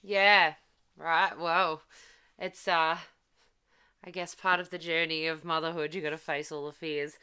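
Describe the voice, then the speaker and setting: A woman's voice: deep voice, flat delivery, unhurried, pushed and bright, clean tone. A woman hosting a casual chat, supportive and chatty, asking long, rambling questions. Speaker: host.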